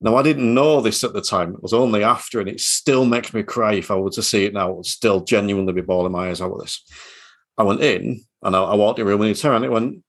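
A man's voice: lowish voice, fast, a bit bright. A man co-hosting a casual chat and telling anecdotes. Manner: chatty, anecdotal storyteller.

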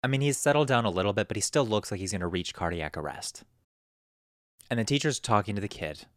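Young male podcast host, low and animated, storyteller who slips into quoted voices, dry close sound. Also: fast talker, no room sound. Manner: rambling, animated, acts out quotes in a raised voice. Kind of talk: casual storytelling.

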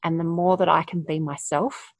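Woman, low voice, husky, gravelly, candid, reflective chat. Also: fairly even intonation, normal speed, no room sound. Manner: candid, reflective, laughs often. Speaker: podcast guest, coach. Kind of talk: casual conversation.

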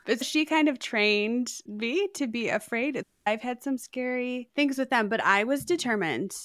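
A woman's voice: fairly high pitch, a little slow, fairly bright tone, no echo, clean studio sound. A woman hosting a podcast, chatting and telling stories, laughing often. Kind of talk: casual chat, storytelling.

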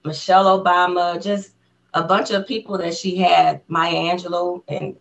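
A woman guest on an interview podcast, excitedly telling a personal story in casual conversation. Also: fairly low pitch, moderate pace, gravelly, highs cut off. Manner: excited storyteller who acts out the voices of people in her story.

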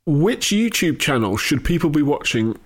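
A man's voice: fairly high pitch, big pitch swings, moderate pace. A man hosting a podcast interview, curious and asking questions, laughing along. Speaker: podcast host.

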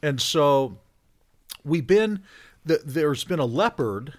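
A man telling a campfire story in relaxed conversation. His voice sits a bit high and gets louder and more animated as the punchlines near. He sounds like a guest at a podcast table. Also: slow pace. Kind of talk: casual storytelling.

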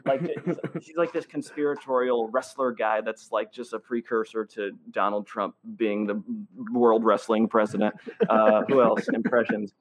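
A man's voice: lowish voice, steady tone, moderate pace, a little hiss or hum. A male comedian guesting on a podcast, rambling and self-deprecating with lots of fillers. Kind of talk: casual podcast chat.

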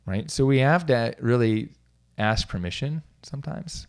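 A man's voice: medium pitch, lively intonation, measured pace. A middle-aged man, a coach, talking casually on his own, rambling with restarts and small self-amused laughs. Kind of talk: casual solo talk.

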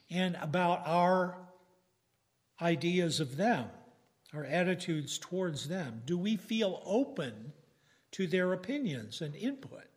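Middle-aged male preacher, higher voice, slow deliberate teaching delivery. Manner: slow, measured teaching with fillers. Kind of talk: sermon.

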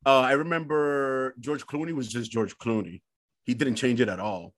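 A man on a casual podcast, joking and throwing in quick quips. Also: mid-range voice, fairly even intonation, dry recording. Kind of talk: casual movie discussion.

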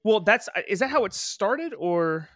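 Swearing, animated man on a podcast. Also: high voice, moderate pace, no echo. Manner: profane, animated storytelling. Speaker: podcast co-host. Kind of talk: casual chat.

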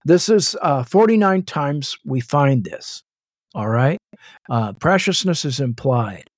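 A man leading a Bible study, slowly defining Hebrew and Greek words, repeating and spelling terms out as he goes. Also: mid-range voice, lively intonation, no room sound, studio quality. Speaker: Bible teacher.

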